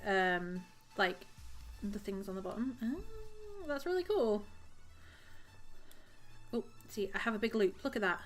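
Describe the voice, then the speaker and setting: A woman's voice: on the high side, lively intonation, measured pace, pauses often, fairly bright tone, soft background music. A woman live-streaming as she crochets at home, chatting casually and giggling, and counting her stitches aloud.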